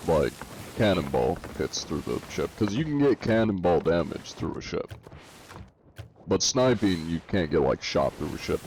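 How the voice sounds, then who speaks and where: A man chats casually through a live gaming stream, reading out viewer comments and tossing back joking answers with the odd chuckle. His voice sits somewhat low and sounds warm and mellow, picked up on a desk mic with a faint hiss of noise underneath. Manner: reads viewer comments aloud and answers them offhandedly. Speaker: live streamer playing a pirate game.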